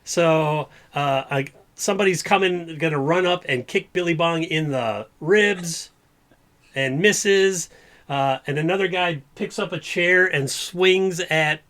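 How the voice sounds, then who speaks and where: A man's voice: a little high, takes it slowly, a bit bright. Upbeat laughing game master man. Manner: chatty, laughing often, lots of filler. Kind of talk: narrating a tabletop game.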